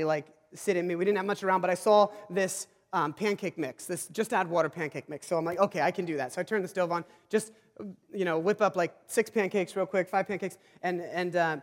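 A male pastor with a fairly high voice tells a rambling, self-deprecating story in his sermon. He stumbles and restarts often. His voice rings with the long reverb of a large hall. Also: a little fast.

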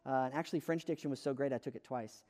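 A man's voice: medium pitch, fast talker, a little mellow, long reverb tail. An American man preaching a sermon in a conversational, self-deprecating storytelling way, with frequent fillers. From United States.

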